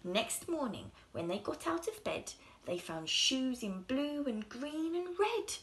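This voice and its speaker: Woman, children's story reading, high voice, slow, sing-song, expressive. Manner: expressive, sing-song, with soft whispered passages.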